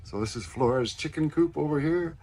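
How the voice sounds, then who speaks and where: A man's voice: moderate pace, a little mellow, husky. A man chatting casually while giving a walking tour of a rural property, recorded outdoors on a phone as he walks. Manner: chatty, cooing at animals in a high voice. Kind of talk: casual live chat.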